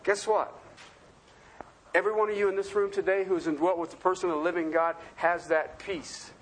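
A man's voice: sits high, fairly even intonation, a little fast, a little hiss or hum. A man preaching a sermon in a folksy, joking way, often asking the congregation questions.

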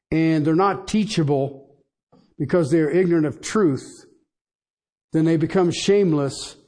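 A middle-aged pastor preaches in an unhurried, conversational way. His voice sits fairly high for a man, and he often stops to put rhetorical questions to his listeners. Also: darkish tone. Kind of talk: sermon.

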